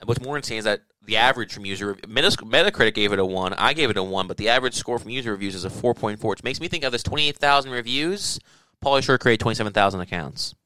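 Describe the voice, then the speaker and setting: A man's voice: lowish voice, fast talker, pushed and bright, clean tone, no room sound. A man co-hosting a casual chat, riffing sarcastically and joking around.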